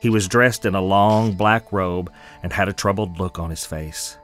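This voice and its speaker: Male narrator, lowish voice, faint music under. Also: a bit bright. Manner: measured, descriptive storytelling. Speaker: storyteller. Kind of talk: scripted narration.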